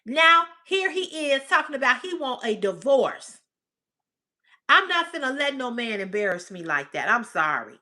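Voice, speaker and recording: A woman's voice: high-pitched, sing-song, moderate pace, sharp tone. A woman hosting a livestream, talking back to her chat in casual, blunt, profane commentary. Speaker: livestream host.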